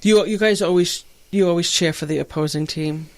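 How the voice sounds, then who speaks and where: A woman hosts a podcast and tells stories in casual conversation, laughing often as she goes. Her voice is fairly low and brisk, and her storytelling is animated.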